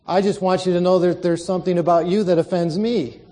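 A man's voice: high-pitched, steady tone, a little fast, warm tone, lightly acted. A man voicing a polite pastor with a dry wit, in a joke told during a sermon. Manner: polite, dryly witty. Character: calm, dry-witted male pastor.

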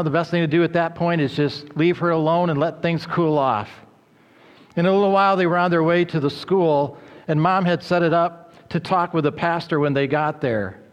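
A man preaching a sermon as pastor, in an earnest, steady manner with a few filler uhs. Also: fairly high pitch, in a large hall. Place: church.

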